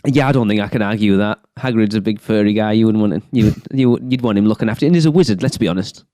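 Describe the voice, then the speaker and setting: A man hosting a podcast, leading the game in animated casual chat. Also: lowish voice, racing, no room sound, clean studio sound. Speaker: podcast host.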